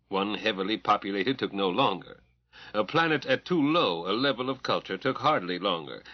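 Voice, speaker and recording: Man narrating audiobook, low voice, dull lo-fi sound, dry. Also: no room sound. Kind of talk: scripted narration.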